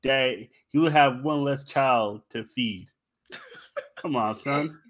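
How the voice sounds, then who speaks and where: A man's voice: mid-range voice, takes it slowly, a bit bright. A man in casual podcast banter, chiming in with slangy jokes.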